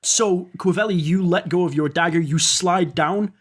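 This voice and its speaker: A man's voice: high voice, normal speed. A man narrating as game master, rambling and descriptive with fillers.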